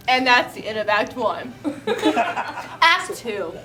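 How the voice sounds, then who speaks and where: A woman's voice: a little high, very animated, slow pace, over music. A woman casually retelling a play's plot in a chatty, giggly way. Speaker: comedic storyteller.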